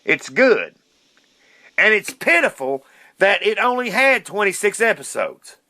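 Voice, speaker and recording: A man's voice: sits high, sing-song, unhurried, sharp tone, no echo, clean studio sound. A man hosting his own podcast, ranting indignantly in a casual monologue and cursing as he goes. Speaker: podcast host.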